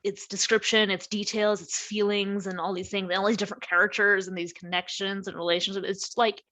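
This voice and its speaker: A woman's voice: mid-range voice, little pitch movement, fairly quick, bright, forceful tone. A young adult woman chatting casually about her favorite authors, rambling with lots of fillers and restarts. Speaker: book vlogger and aspiring writer. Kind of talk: casual chat to camera.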